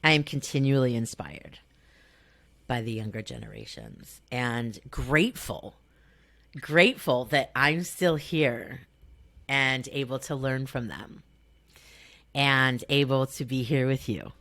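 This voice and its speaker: A woman's voice: very deep voice, animated, takes it slowly, a bit bright, dry recording. A middle-aged woman with a Valley girl accent, hosting her own podcast in a chatty, upbeat way. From Southern California. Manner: upbeat, chatty, frequent fillers and laughs. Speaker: podcast host. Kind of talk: casual solo podcast talk.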